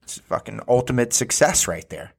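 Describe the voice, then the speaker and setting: A man's voice: medium pitch, expressive, moderate pace, gravelly. A man hosting a casual interview chat, blunt and swearing freely, repeating his phrases for emphasis. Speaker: host.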